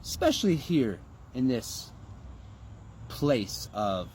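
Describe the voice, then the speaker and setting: Guy preaching self-belief real slow, swings his voice up and down a lot, little bit of swearing. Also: mid-range voice, big pitch swings, darkish tone, slight background noise. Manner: emphatic and preachy, with rhetorical questions and swearing. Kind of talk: motivational monologue.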